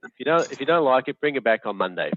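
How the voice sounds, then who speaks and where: Fields: Figure: a man doing a smooth, friendly pet shop salesman. Pitch: average. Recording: dry, phone-like. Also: very animated, fast talker, fairly bright tone, no room sound. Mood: coaxing. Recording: tinny phone-like online call audio.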